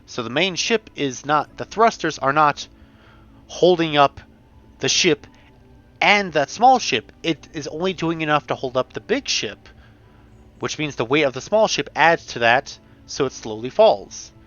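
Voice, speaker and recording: A man giving casual commentary while playing a game, rambling with many restarts and sudden fast bursts. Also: fairly high pitch, expressive, fairly bright tone. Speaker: gamer. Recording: dull home mic recording.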